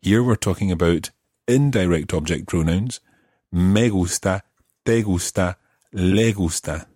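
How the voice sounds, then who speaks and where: A man's voice: deep voice, unhurried, a little mellow, slightly rough, no echo, clean studio sound. A man teaching a language lesson, explaining grammar patiently and methodically.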